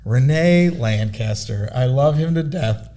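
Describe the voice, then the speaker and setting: A man's voice: mid-range voice, expressive, a little slow, dark tone. A man on a podcast telling loose, profane stories, laughing as he goes. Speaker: podcast guest. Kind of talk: casual podcast storytelling.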